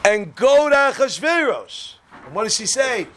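A man teaching a religious class to students, lively and quick, acting out quoted speakers and firing questions at his listeners. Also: very high voice, slight background noise. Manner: animated, quick, acts out quotes and quizzes listeners.

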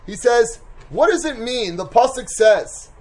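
A man with a high voice gives a Torah lecture as a yeshiva mashgiach. He is animated, pushing hard on key points and then dropping into quiet asides. Hebrew and Yiddish terms run all through his talk. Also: a little slow. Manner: animated, swings from loud emphasis to soft asides.

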